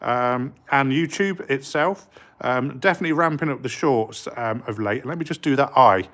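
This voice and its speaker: A middle-aged man talks casually to a live-stream audience from his studio, his voice sitting at an ordinary middle pitch. He rambles along with frequent ums and restarts. He perks up to greet viewers by name. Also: moderate pace, fairly bright tone. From England. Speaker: street artist streaming live. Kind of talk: casual live-stream chat while working. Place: indoor art studio.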